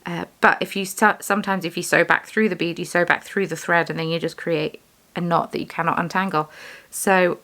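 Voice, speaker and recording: While doing bead weaving, a young vlogger who dyes yarn and runs a shop chats casually, rambling and joking at her own expense. Her lowish voice is steady, pushed, and bright, coming fairly quickly with hardly any pauses.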